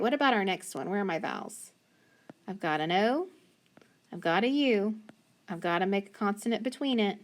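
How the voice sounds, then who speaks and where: A woman teaching a phonics lesson, slowly and patiently sounding out letters and syllables. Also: mid-range voice.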